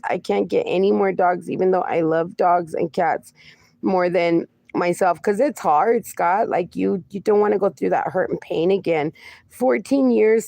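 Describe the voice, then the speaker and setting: Her voice is medium-pitched, creaky and warm, captured in a dry recording. She's a livestream host in her forties who reads out viewer comments and replies affectionately, calling people "my darling" and "my friend."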